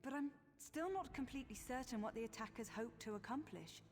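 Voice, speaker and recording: A woman's voice: a little high, a little mellow, in a large hall, faint music behind, close to an everyday voice. Woman voicing an earnest, shaken temple priestess. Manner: measured, concerned and thoughtful. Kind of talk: video game voice acting.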